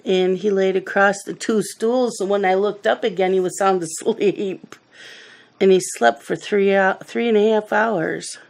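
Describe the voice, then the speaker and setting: A woman's voice: medium pitch, steady tone, unhurried, gravelly. A middle-aged woman hosting a coloring video, chatting casually and telling rambling family stories while she works. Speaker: coloring channel host.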